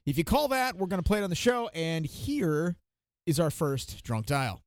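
A man's voice: on the high side, very animated, moderate pace, no room sound, studio quality. A man hosting a casual radio show, joking and laughing with his co-hosts. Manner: jokey, laughing banter. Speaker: podcast host. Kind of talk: casual chat.

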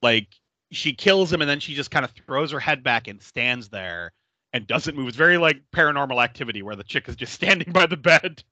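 A male podcast host in relaxed, casual chat, retelling a horror film scene by scene. His voice is bright and sharp, and his pitch jumps around animatedly. He laughs often and swears freely, and the sound is dry and close. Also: fairly quick, dry recording.

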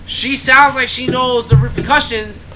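A man's voice: very high-pitched, steady tone, measured pace, loud music behind the voice, poor audio. A man co-hosting a casual discussion, giving loose slangy commentary.

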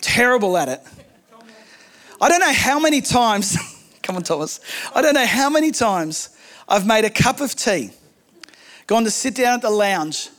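A man preaching a sermon, telling stories in an animated way with humorous asides. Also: sits high, moderate pace, long pauses. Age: adult, married.

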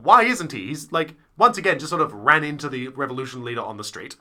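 Guy rambling about shows, super bright voice, lots of ups and downs. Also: mid-range voice. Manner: rambling and animated, slips into quick silly voices. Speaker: podcast co-host reviewing theatre shows. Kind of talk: casual chat.

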